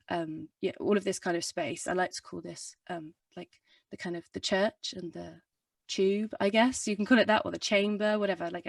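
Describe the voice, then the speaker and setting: A woman's voice: fairly low pitch, vocal fry, no echo. Chatty woman, distant dry sound. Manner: rambling, chatty, full of fillers and self-corrections. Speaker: singer and vocal coach. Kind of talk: casual explanatory talk in a video interview.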